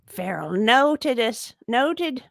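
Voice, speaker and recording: Podcast co-host, gravelly and lively, slow jokey reader. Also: female voice, on the high side, dry recording. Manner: playful, jokey, slow when reading. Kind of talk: casual chat and story reading.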